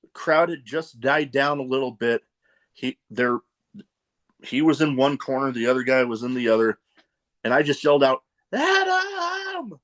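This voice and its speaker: A man hosting a casual podcast chat, telling animated stories and laughing at his own jokes. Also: medium pitch, moderate pace, pauses often. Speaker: podcast host.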